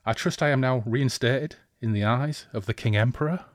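A man's voice: mid-range voice, normal speed, dry recording, studio quality, voice pushed up, lightly acted. A man voicing a fawning male traitor knight who grovels to his lord.

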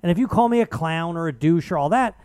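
A man hosting a radio talk show, telling an argumentative story in casual chat with animated emphasis. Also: fairly high pitch, fast, clean tone, no room sound.

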